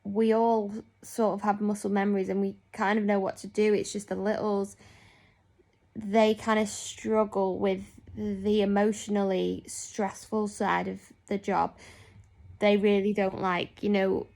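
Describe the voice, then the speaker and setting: Young woman rambling on camera, gravelly fry in her voice, lots of likes and ums. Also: medium pitch, flat delivery, unhurried, dark tone. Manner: rambling, chatty, heavy on fillers. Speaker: nurse. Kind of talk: casual vlog chat.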